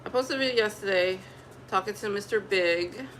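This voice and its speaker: A woman's voice: mid-range voice, normal speed, a bit bright, slight background noise, low-quality recording. A young woman vlogging at home, talking casually and animatedly to her viewers and laughing now and then. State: pregnant. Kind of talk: casual chat to camera.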